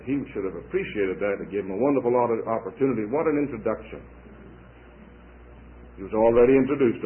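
A man preaching a sermon, emphatic and repetitive, often dropping to soft low phrases. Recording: tinny lo-fi recording.

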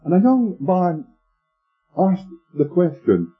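A man with a somewhat high, husky voice delivers a sermon, telling stories in a measured, emphatic way. The recording is tinny and lo-fi, like an old sermon tape, with faint music underneath. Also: animated. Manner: storytelling preacher, measured and emphatic. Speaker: preacher.

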